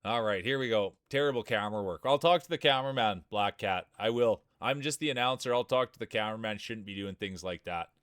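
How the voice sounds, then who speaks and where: A man's voice: lowish voice, fairly quick, few pauses, fairly bright tone, clear, resonant tone, no room sound, studio quality. A man streaming live, doing playful, joking play-by-play commentary on marble races and chatting with viewers.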